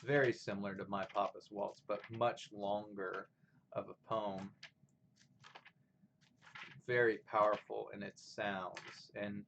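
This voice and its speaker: A man's voice: on the low side, flat delivery, takes it slowly, gravelly, pauses often, a little hiss or hum, poor audio. A man lecturing on poetry to a class, explaining with fillers and restarts. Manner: reads poems aloud with stressed rhythm, louder than his talk. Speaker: literature lecturer. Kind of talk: recorded lecture with poetry reading.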